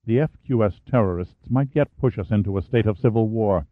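Earnest anxious politician voiced by a male narrator, low voice, tinny narrow sound. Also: brisk, dry recording, lightly acted. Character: anxious male English-Canadian deputy prime minister. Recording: phone-like narrow band, dry.

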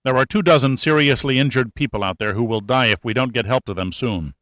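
A man's voice: medium pitch, fast, fairly bright tone, no room sound, close to an everyday voice. A man voicing an injured American man who speaks urgently and impatiently.

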